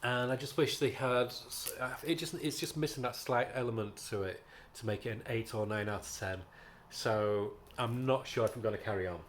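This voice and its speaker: A man's voice: medium pitch, normal speed, slight background noise. A man with a British accent chatting casually about comics in a review vlog, rambling with frequent ums and restarts.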